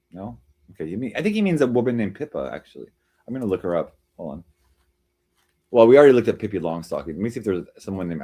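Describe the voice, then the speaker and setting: Rambling, teasing male streamer with lively pitch. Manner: rambling, teasing, jumps between jokes and chat replies. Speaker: live stream host. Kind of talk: casual live-stream chat reading comments.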